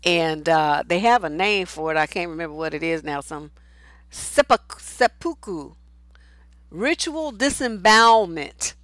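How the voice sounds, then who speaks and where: A woman's voice: lowish voice, expressive, normal speed, hardly any pauses, fairly bright tone, dry recording. Blunt, outspoken woman coach. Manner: blunt, outspoken, swears freely. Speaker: relationship coach. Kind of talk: casual advice talk, reading viewer comments.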